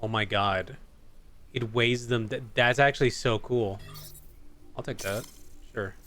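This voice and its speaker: A man's voice: mid-range voice, steady tone, unhurried, fairly bright tone. A man streaming a video game, chatting casually in a rambling, profane way with many restarts. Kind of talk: casual gaming commentary.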